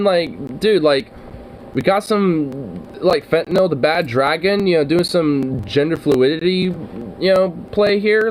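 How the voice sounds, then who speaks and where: A man's voice: high-pitched, slight background noise, poor audio. A young man hosting a reaction video, rambling and swearing in a slangy, laughing way. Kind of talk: casual reaction commentary.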